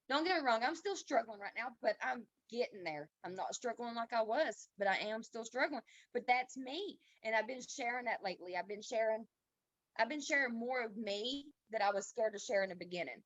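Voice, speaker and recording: A woman giving a heartfelt, halting testimony on a video call. She is tearful and pauses and restarts often. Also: fairly high pitch, a bit bright, no echo. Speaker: team member sharing a testimony. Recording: dull, dry lo-fi call audio.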